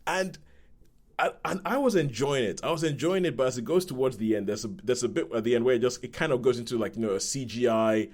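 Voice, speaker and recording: A man's voice: mid-range voice, fast talker. A man, co-hosting a podcast, chatting casually about a film, rambling and restarting often and acting out quotes. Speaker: podcast co-host. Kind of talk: casual film review chat.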